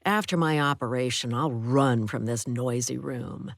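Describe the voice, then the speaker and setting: A woman narrating an audiobook, telling the story in a steady first-person voice. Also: a bass voice, a little slow, no echo, clean studio sound.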